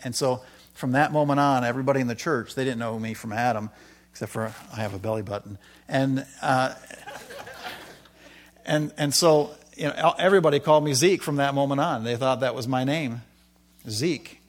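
A middle-aged man giving a sermon with a personal testimony, telling his story with animated swings from loud excitement to quiet asides. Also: moderate pace. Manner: animated storytelling, rising loud when excited, dropping low for quoted asides. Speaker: preacher.

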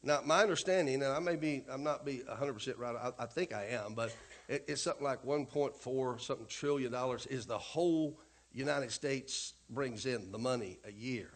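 A man's voice: medium pitch, normal speed. A male pastor preaching a sermon, emphatic and punchy, often turning to the congregation with asides and questions.

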